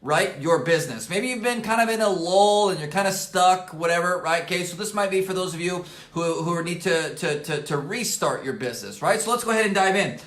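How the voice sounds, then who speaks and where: Man, motivational coach, slightly hoarse, emphatic, repeats himself, high voice, echoey office. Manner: energetic and emphatic, fills pauses with "right?" and "okay?"; repeats key phrases for emphasis. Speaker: network marketing coach. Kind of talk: motivational coaching talk to camera. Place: at his desk in an office. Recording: roomy echo.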